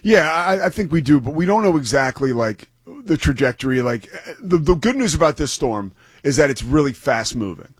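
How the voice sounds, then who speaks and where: This sports broadcaster's voice is on the high side, animated and slightly breathy, moving at normal speed. Acting as a guest analyst, he talks excitedly and loosely about a football game with a few restarts, in clean studio sound without echo.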